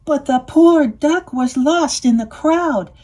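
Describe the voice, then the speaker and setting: A woman reading a children's picture book aloud, switching into animated character voices. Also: high-pitched, slow. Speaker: storybook reader. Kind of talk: read-aloud storytelling.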